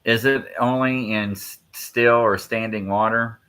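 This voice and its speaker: A man's voice: mid-range voice, fairly even intonation, unhurried, pushed and bright, smooth. A man hosting a casual live podcast, reading listener questions and teasing his co-hosts with a playful, laughing manner.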